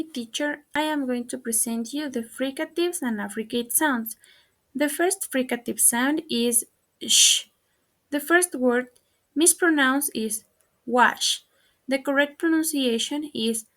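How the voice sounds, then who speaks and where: A woman's voice: high-pitched, measured pace. A woman student giving a pronunciation presentation in a formal, formulaic recitation.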